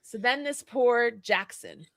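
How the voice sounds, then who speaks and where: A woman's voice: a little high, takes it slowly, creaky, dry recording, clean studio sound. A woman, hosting a casual chat and telling stories with acted-out dialogue and frank swearing. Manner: animated storyteller, acts out dialogue, swears freely. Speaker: podcast host.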